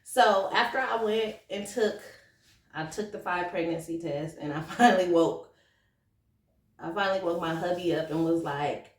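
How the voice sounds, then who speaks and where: A woman in her thirties telling a personal story to camera in a chatty, animated, slangy way that turns emotional. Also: lowish voice, normal speed, recorded from a distance. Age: 30s. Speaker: vlogger. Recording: roomy echo, from off the mic.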